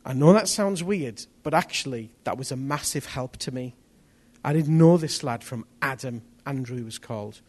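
A man preaching a testimony sermon, telling his story in an animated way that rises to near-shouts at the tense moments. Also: mid-range voice, moderate pace.

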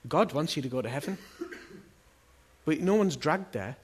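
A man's voice: a little high, lively intonation, normal speed, a little mellow, slight background noise. A middle-aged man preaching a sermon in a church, talking earnestly and conversationally and asking his listeners question after question. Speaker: pastor.

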